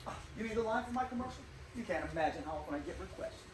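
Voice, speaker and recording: An actor playing a vain, self-doubting stage actor who declaims grandly and then sinks into nervous gloom, in a live stage play. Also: male voice, high voice, expressive, rapid-fire. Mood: anxious, grandiose. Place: theater stage. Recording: echoey stage, distant mic, faint hiss.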